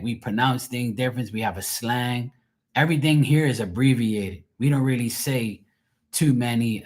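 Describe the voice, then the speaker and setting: A middle-aged man with a Bermudian accent, a tarot reader rambling casually to his livestream viewers with plenty of profanity and frequent laughs. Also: medium pitch.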